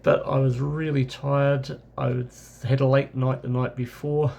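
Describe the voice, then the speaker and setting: A man's voice: medium pitch, flat delivery, a little slow, gravelly, a little mellow. A man from New Zealand with a New Zealand accent, telling a casual travel story in a rambling way, correcting himself as he goes. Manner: rambling anecdotal, with many self-corrections and fillers. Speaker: travel vlogger.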